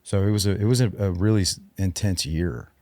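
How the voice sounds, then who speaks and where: A man in his forties, a podcast guest and military veteran, telling his personal story in a halting, subdued way, with frequent restarts. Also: low voice, fairly even intonation, dark tone, no room sound.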